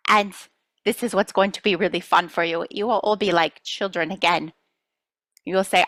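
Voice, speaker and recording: A woman's voice: lowish voice, steady tone, normal speed, a bit bright, no echo. A woman channeling spirit guides for a group, speaking as "we" in a playful storytelling manner.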